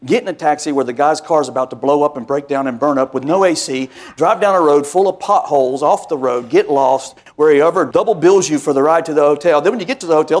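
High-voiced preaching male pastor. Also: quick pace, hardly any pauses. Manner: preaching with call-and-response asides. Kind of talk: sermon.

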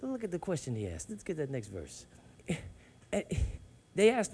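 A man a sermon, pushing the congregation to answer him, swinging from hushed talk to loud shouting. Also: on the high side, huge pitch swings, normal speed, slightly rough. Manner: call-and-response preaching, swings from hushed to shouting. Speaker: preacher.

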